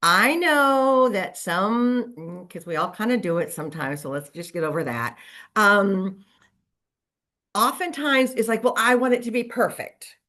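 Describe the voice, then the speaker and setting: Speaking a little slowly in a mid-range voice, a middle-aged woman gives real estate agents a relaxed pep talk. Her delivery is animated and chatty, and she performs the lines she quotes.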